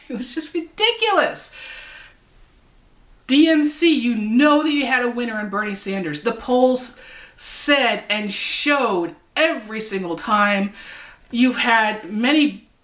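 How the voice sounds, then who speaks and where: Woman ranting n cursing at the camera, kinda high voice, lots of echo. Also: lively intonation, slow, fairly bright tone. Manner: angry, profane ranting. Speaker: vlogger. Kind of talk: political rant vlog. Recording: echoey room.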